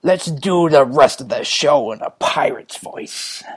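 A man doing a playful pirate captain voice, slow and half-whispered, on a podcast. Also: on the high side, lively intonation, slightly rough. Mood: hammy.

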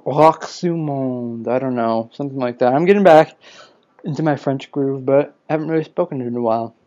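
Warm-toned and medium-pitched, this podcast host talks fast on his casual solo live show. He rambles, pokes fun at himself, and sounds slightly sleepy, all on dull, lo-fi audio.

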